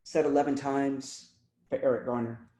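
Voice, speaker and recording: A man reading his own poems at a video-call poetry event, measured and pausing with ums between pieces. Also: medium pitch, steady tone, dark tone. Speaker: poet reading his work. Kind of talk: poetry reading with spoken introductions. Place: home, over video call. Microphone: computer mic on a video call. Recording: echoey video call audio.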